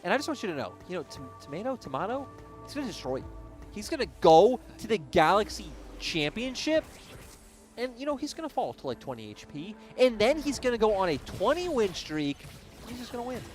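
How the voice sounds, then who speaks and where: A man's voice: high voice, very animated, fairly quick. A man from the United States casting an esports match in playful, laughing banter with a co-caster. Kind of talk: casual esports commentary. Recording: music bed behind.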